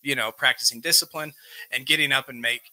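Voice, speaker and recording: A man's voice: medium pitch, fairly even intonation, fast talker, bright, forceful tone. A man hosting a live recovery group, plainly reading out character defects from a workbook and explaining each one. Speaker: recovery meeting host. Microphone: live stream microphone.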